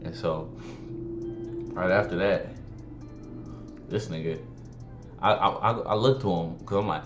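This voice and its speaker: Young man, low voice, casual storytime, animated, slangy and profane, echoey room. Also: a little slow, long pauses, dull audio. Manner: animated, slangy, swears, acts out dialogue. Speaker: vlogger. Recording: roomy room, faint music behind.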